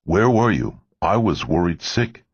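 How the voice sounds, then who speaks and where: Audiobook role: pushy, pleading man, very deep and gravelly, read by the narrator. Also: very animated, measured pace, dry recording, lo-fi sound, heavily acted. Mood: insistent. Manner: insistent, pleading. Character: eager, insistent man, her lover.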